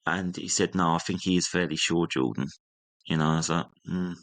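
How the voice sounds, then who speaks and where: A man's voice: low voice, brisk, dry recording. A young man casually retelling a family story, acting out what each relative said. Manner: animated retelling, acting out family members' lines. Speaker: guest.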